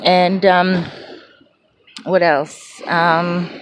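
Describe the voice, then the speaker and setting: A woman's voice: fairly low pitch, level tone, drawn-out words, background noise. A woman vlogging from her small apartment, telling a rambling story full of fillers and restarts. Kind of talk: casual chatty storytelling.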